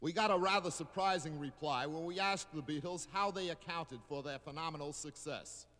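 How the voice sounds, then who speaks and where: A man narrating as a radio reporter in a formal, brisk announcer style. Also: a little high, fairly bright tone, big-room sound. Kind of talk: vintage radio news narration.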